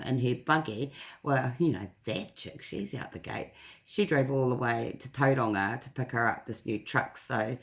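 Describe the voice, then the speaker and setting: Woman, New Zealand accent, middle-aged, very deep voice, animated pitch, chatty video diary. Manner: lively, chatty storytelling with frequent laughs. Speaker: vlogger. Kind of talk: casual spoken diary.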